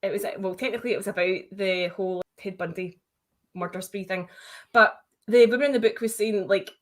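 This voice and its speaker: A woman's voice: medium pitch, fairly quick. A woman with a Glasgow accent, co-hosting a podcast in casual chat and laughing often. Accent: Glaswegian. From Scotland. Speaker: podcast co-host.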